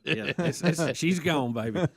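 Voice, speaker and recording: A man co-hosting a radio show, recounting stories in a relaxed, chatty way. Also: a little high, measured pace, breathy edge, no echo. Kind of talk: casual morning show chat.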